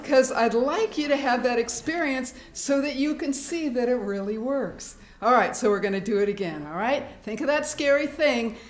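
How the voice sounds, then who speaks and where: A middle-aged woman giving a workshop talk to a live audience, animated and laughing often as she acts out fearful thoughts. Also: high voice, moderate pace, hardly any pauses, slight background noise. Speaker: workshop speaker. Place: hospital meeting room. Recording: echoey room.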